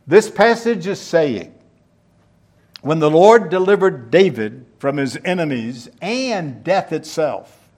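Slow, higher-voiced male preacher. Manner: teaching verse by verse, asks the listeners questions. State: out of breath. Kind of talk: sermon.

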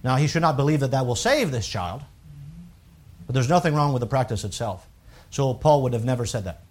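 A man preaching a sermon, reading scripture aloud in a rising, emphatic voice and dropping low and quiet to explain his points. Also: expressive, a little fast.

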